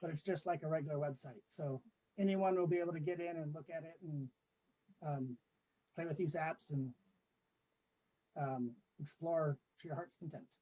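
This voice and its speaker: A man presenting his mapping work to a committee in a relaxed, explanatory way, with many fillers. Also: a little high, moderate pace, pauses often, slightly rough, poor audio. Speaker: city staff presenting a tree map. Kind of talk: meeting presentation. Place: public meeting room with remote attendees.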